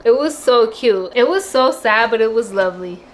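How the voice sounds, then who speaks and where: A woman with a slightly high voice, tearful and candid, reviews books in a loose, chatty monologue to her viewers. She repeats words for emphasis and curses freely. A faint background hiss sits under her voice. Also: animated, moderate pace. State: tearful, close to crying. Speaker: book vlogger. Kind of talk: casual book review monologue.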